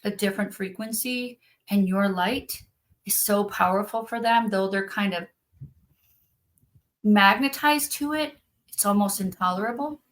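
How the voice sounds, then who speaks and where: A woman speaks in a relaxed, conversational way about spiritual gifts, earnest and openly emotional. She leans on fillers and restarts as she thinks aloud, her pitch sitting in an ordinary middle range. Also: unhurried, low-quality recording. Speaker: spiritual activation practitioner. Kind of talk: casual conversational talk.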